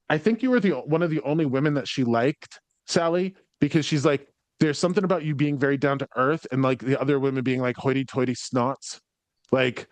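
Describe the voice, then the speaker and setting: In a slightly high voice with no room sound, a man acting as a psychic medium stumbles through a reading for a sitter. He rambles with plenty of ums and likes and swears whenever he passes on the spirits' words.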